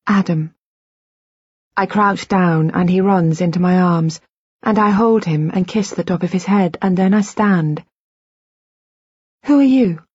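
Low, husky woman narrating an audiobook. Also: steady tone, measured pace, a little mellow, dry recording, highs cut off.

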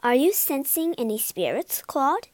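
A woman voicing a chirpy female TV presenter in a storybook reading, in a hushed presenting manner. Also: high-pitched, sing-song, a little slow, dry recording.

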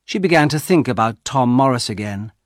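A man narrating a graded-reader audiobook, slowly and with clear, expressive delivery on a close mic. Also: medium pitch, dry recording. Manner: slow, clearly articulated, expressive.

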